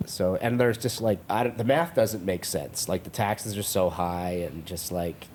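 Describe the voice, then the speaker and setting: A man's voice: low voice, a little slow, a little mellow. A man co-hosting a podcast, talking in a laid-back casual way with lots of filler words. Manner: laid-back, says like and dude a lot. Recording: faint background noise.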